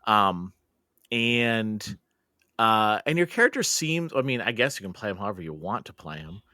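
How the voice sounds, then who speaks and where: A man's voice: on the low side, very animated, normal speed, sharp tone, no room sound, studio quality. A man hosting a podcast, chatting casually and telling a story with laughs and lots of filler words. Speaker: podcast host.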